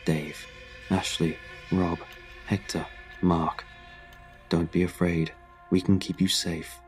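A man voicing the low, hushed message of a many-bodied creature luring people underground in a horror story. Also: flat delivery, slow, soft background music. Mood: ominous coaxing.

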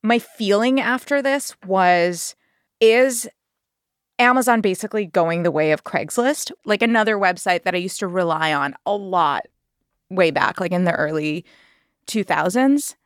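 A woman telling a story to podcast hosts in a casual, animated way, laughing as she goes and acting out what people said. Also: medium pitch, measured pace, dry recording, clean studio sound. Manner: animated, laughs while telling, acts out quotes.

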